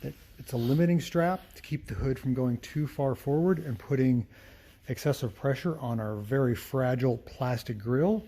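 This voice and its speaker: A man's voice: mid-range voice, moderate pace, warm tone. Man explaining car repair in a shop. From United States. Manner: friendly, explanatory, talks through each step. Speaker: mechanic and channel host. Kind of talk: casual shop vlog, explaining while working.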